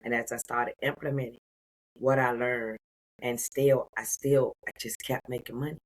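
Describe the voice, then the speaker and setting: A woman in her sixties telling her story as an interview guest, expressive and calling the listener "honey.". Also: very deep voice, normal speed, poor audio. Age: 60s. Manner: expressive, warm endearments like "honey". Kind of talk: animated personal storytelling.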